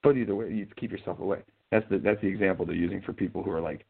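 Gravelly, husky-voiced man on a tinny line. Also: low voice, quick pace. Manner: rambling, profane, joking storytelling. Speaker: host. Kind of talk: casual live-show chat. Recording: tinny phone-like sound.

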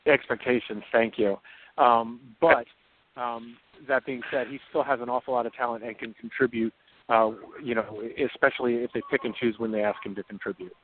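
Man, hesitant, halting, flat tone, phone-line sound. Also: mid-range voice. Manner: hesitant, many fillers and restarts. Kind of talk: casual sports podcast chat. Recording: tinny phone-line audio.

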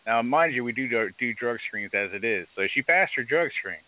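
Speaking briskly in a medium-pitched voice, a man who owns a bar spins animated, foul-mouthed stories during a casual live-show interview, often voicing what others said. The recording is dry and echo-free, with a narrow, phone-like sound.

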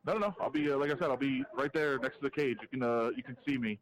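Male sports reporter on a podcast call, mid-pitched, animated and opinionated, talks in quick restarts. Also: noisy background. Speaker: MMA reporter, guest. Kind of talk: casual podcast interview, calling in.

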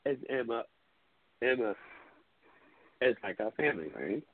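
A man hosting a call-in tribute show, telling stories in a casual, animated way, swearing often and acting out his friends' lines. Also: mid-range voice, moderate pace, breathy edge, no echo. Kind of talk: casual storytelling chat. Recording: phone-line audio with hiss.

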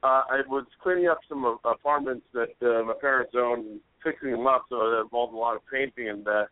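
A young man co-hosting a podcast, telling rambling stories in an animated way and yelling the quoted lines. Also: mid-range voice, a little fast, no room sound. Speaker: podcast co-host. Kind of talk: casual storytelling chat. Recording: dry, tinny phone-like audio.

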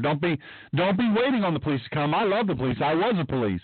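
A man's voice: on the high side, sing-song, fast talker, no echo. A man hosting a talk radio monologue, emphatic and rambling, repeating himself as he goes. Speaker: podcast host. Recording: tinny phone-like dry sound.

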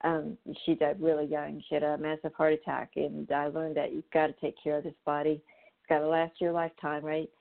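A woman's voice: low voice, monotone, a little fast, gravelly. A woman hosting a show, talking casually in a rambling way with lots of fillers and restarts. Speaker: show host. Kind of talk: casual spoken monologue. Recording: tinny phone-line sound.

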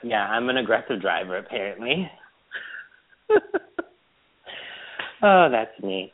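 Animated man on a phone-like line. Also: lowish voice, takes it slowly. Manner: animated storyteller, laughs often. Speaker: podcast host. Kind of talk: casual chat. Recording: phone-like narrow band.

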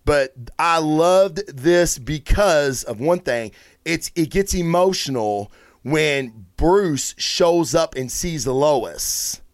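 Excitable, swearing man reviewing comics. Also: on the high side, slow, no echo, clean studio sound. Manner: excitable, rambling, swears freely. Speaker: host of a comic book review show. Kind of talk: casual solo review talk.

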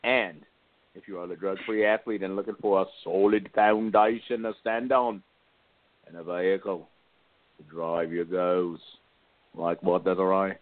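A man's voice: low voice, fairly even intonation, unhurried, no echo. A man co-hosting an internet radio talk show, joking and bantering with his co-host. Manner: jokey, goofy greetings. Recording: dry phone-line audio.

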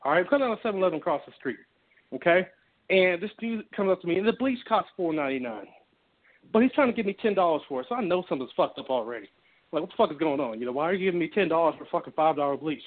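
A man's voice: fairly high pitch, expressive, very fast. A man talking bluntly and heatedly with heavy swearing, co-hosting a casual podcast. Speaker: co-host. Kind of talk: casual profane podcast chat. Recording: tinny phone line.

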